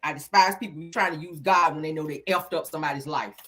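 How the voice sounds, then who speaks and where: A woman in her thirties giving blunt, animated celebrity news commentary straight to her viewers and swearing freely. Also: low voice, fast.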